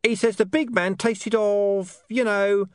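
Male reader doing a rambling street interpreter, pitched way up, dry close sound. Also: fairly even intonation, slow pace, dry recording. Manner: rambling, hunting for words. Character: gravelly street man interpreting for a dog.

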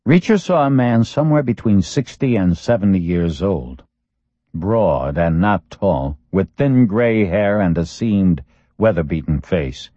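Deep male voice reading a thriller audiobook, steady and measured, kinda dull lo-fi sound. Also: no room sound. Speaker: audiobook narrator. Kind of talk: scripted thriller narration. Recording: dull lo-fi dry recording.

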